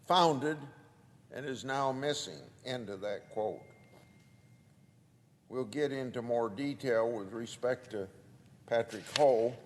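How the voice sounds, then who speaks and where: A man, a senator, giving a formal floor speech and deliberately reading out quoted documents. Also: mid-range voice, long reverb tail.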